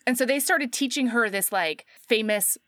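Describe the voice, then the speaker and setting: A woman casually recapping a story as a podcast co-host, animated and full of "like". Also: on the high side, normal speed, dry recording, studio quality. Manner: animated storytelling with frequent "like", acting out quotes. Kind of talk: casual chat, book recap.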